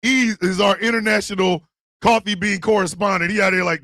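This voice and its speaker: A man hosting a radio talk show, giving comedic advice in a loud, profane voice and often shouting. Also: high-pitched, steady tone, a little fast, dry recording, studio quality.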